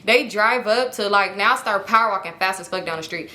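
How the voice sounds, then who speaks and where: A young woman telling a personal story in a casual, animated way, swearing freely and talking straight to her viewers. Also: medium pitch, a little fast. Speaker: storytime vlogger.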